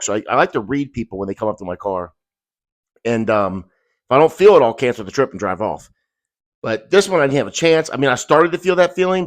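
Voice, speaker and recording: A middle-aged man tells a frightening story in a raw, profane, agitated rush. His voice sits in an ordinary middle pitch and swings between tense bursts and low, heavy stretches. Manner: profane, agitated, intense retelling. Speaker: rideshare driver. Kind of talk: emotional first-person storytelling.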